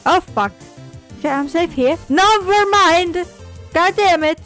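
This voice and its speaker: A young woman giving let's-play commentary, excitable and swearing often, yelping when surprised. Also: sits high, normal speed, faint music behind. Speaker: gamer.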